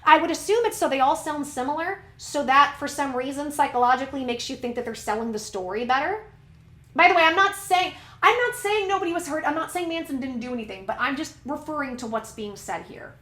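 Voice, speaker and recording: A woman's voice: high-pitched, lively intonation, fairly quick, a bit bright, roomy sound. A woman hosting casual commentary, chatting and reading documents aloud, sometimes stumbling over names and words. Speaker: commentary channel host.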